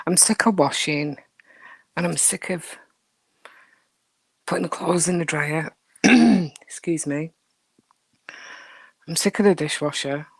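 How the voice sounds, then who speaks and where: A woman's voice: low voice, vocal fry, no room sound. A woman hosting a casual live stream, chatting with viewers in a rambling way, often dropping to a near whisper, with a dry throat. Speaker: livestream host.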